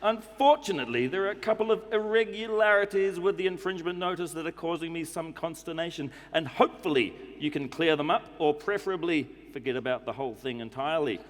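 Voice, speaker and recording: A man's voice: a little high, fast, few pauses, long reverb tail, slight background noise, voice pushed up, lightly acted. A man putting on a prim New Zealand letter writer. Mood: fussy, formal. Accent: New Zealand (put on). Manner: formal, fussy letter-reading delivery. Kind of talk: stand-up comedy reading. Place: comedy club stage.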